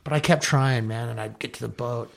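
Gravelly middle-aged man telling stories. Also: mid-range voice, fairly quick. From Southern California. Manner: animated, swears freely, acts out quotes. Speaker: podcast guest, dive company owner. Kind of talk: casual storytelling interview.

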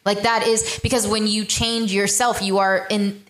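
A woman's voice: medium pitch, level tone, moderate pace, fairly bright tone. A woman hosting a live panel conversation, asking questions and reflecting encouragingly on guests' answers. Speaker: podcast host and panel moderator.

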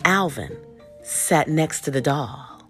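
A woman's voice: low-pitched, animated, slow, fairly bright tone, soft background music. A woman narrating a first-person erotic story in a sultry, teasing manner.

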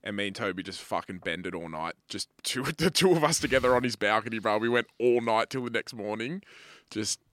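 A laid-back man trading stories as a podcast co-host and swearing freely. His voice is bright and forceful. The sound is dry, with no room echo. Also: on the low side, fairly quick. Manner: laid-back, swears casually, says bro. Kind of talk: casual chat.

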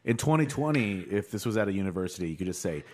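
A man's voice: lowish voice, animated, fast talker, a little mellow. A man chatting casually on a podcast, throwing in dry jokes. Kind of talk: casual chat.

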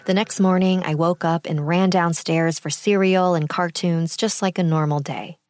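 A young woman from California's East Bay tells a personal story in a calm, reflective way. Her voice sits low for a woman. Music plays clearly in the background behind her. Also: normal speed, no room sound, studio quality. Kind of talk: first-person storytelling narration.

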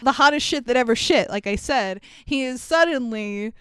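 A woman's voice: on the high side, lively intonation, moderate pace, fairly bright tone, clean tone, dry recording. A woman in her thirties co-hosting a casual podcast, retelling a movie with frequent laughs and swearing. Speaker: podcast co-host. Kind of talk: casual movie recap chat.

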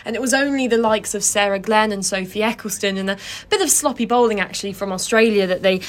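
A woman's voice: mid-range voice, fast. A woman co-hosting a cricket podcast, talking through match tactics and statistics in an analytical, casual way. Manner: analytical, cites figures and stats. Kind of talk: casual sports discussion.

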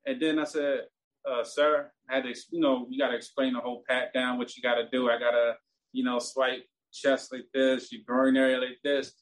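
A man's voice: mid-range voice, a little fast. A man, telling a story in casual, profane talk that turns heated. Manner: animated, profane, gets heated and loud.

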